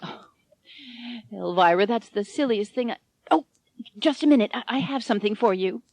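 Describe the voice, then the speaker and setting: A woman voicing a stern middle-aged head nurse who is softening. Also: medium pitch, animated, normal speed, no echo, voice pushed up, lightly acted. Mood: moved.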